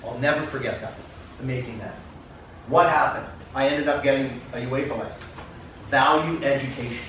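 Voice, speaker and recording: A man from Canada gives a keynote talk to coaches, telling stories from his career. He is heard from a distance, in a very echoey conference room with steady background noise. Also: mid-range voice, moderate pace. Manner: storytelling, acts out dialogue, addresses audience directly. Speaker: keynote speaker, soccer coach. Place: conference classroom.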